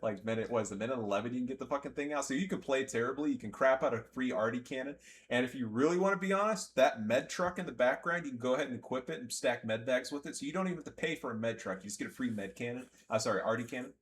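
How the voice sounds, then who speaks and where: Sarcastic and ranting, this young man narrates his gameplay, swinging between shouting bursts and quiet mumbling.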